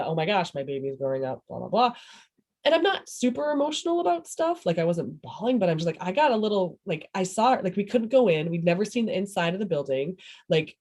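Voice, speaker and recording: A woman's voice: medium pitch, darkish tone. A woman, a parent talking casually in an oral history interview, rambling and breaking off her sentences. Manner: rambling, self-interrupting, laughs often.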